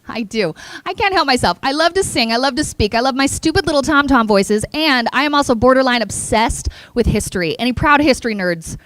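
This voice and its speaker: A woman giving an energetic, playful motivational speech at a conference, engaging the audience. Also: high-pitched, brisk, hardly any pauses, no room sound. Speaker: keynote speaker. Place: conference hall.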